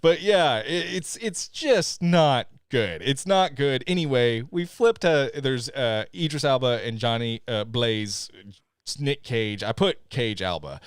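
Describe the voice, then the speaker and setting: A man's voice: mid-range voice, expressive, slow pace, clear, resonant tone, no room sound, clean studio sound. A man co-hosting a podcast, reviewing a movie in loose, rambling casual chat. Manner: rambling, with fillers and restarts. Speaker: podcast co-host.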